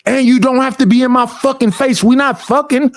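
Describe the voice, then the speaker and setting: A young man with an unusually high voice for a man vents in a casual streaming rant, swearing freely and complaining with animation. He talks briskly, and the sound is dry and close with no echo.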